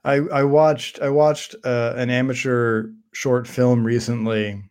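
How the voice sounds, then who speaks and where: A man chatting casually as a podcast co-host, with a middle-pitched voice. He jokes freely, stumbles and restarts his sentences, and talks over the others. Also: level tone, slow, a little mellow, clear, resonant tone. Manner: joking, full of restarts. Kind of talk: casual chat.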